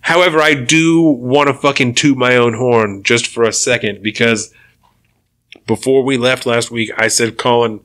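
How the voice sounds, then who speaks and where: Animated, swearing podcast co-host man. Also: mid-range voice, normal speed. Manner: profane, animated ranting with laughs. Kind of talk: casual podcast chat.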